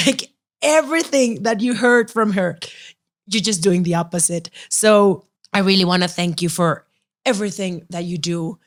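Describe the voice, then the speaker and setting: A woman's voice: medium pitch, measured pace, fairly bright tone. Woman, podcast host, Spanish native speaker, earnest, heartfelt, emotional. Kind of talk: podcast interview conversation.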